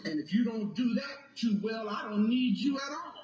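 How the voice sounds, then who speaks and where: A man with a very high voice preaches slowly to a congregation, his pitch swinging widely. He reads passages aloud and keeps turning to the crowd with questions, sometimes building to a shout. The room is echoey, with clear noise behind him. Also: animated, lo-fi sound. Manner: reads a text aloud and breaks off to ask the audience questions; swells into shouted emphasis. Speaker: lecturer speaking to a congregation. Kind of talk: impassioned preaching lecture.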